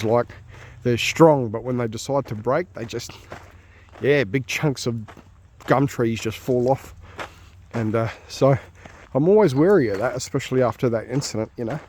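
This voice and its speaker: A man's voice: medium pitch, moderate pace, a little mellow, a little hiss or hum. A man with an Australian accent chatting casually while walking his dog outdoors, rambling with fillers. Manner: easygoing, chatty, many fillers and asides. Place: outdoors on a nature walk.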